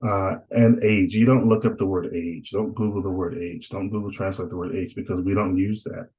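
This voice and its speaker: A man's voice: low-pitched, fairly even intonation, normal speed, warm tone, rough recording. A man teaching Spanish in a recorded online lecture, talking in a casual, reassuring way, with many "uh"s and frequent "right?" checks. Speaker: Spanish instructor.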